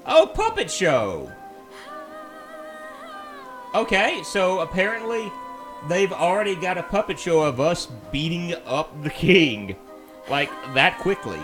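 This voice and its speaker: A man narrates his gameplay in a loose, chatty stream, his fairly high voice rising and falling with lots of life. He talks himself through each moment and pokes fun at himself, with soft game music under him. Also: sing-song, takes it slowly, pauses often. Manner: chatty, self-mocking, thinks aloud. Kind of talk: casual let's-play commentary.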